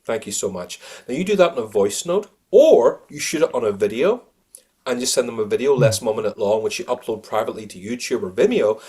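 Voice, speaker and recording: A man being interviewed on a podcast as a sales coach. He talks in an animated way and laughs often. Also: medium pitch, fast, breathy edge.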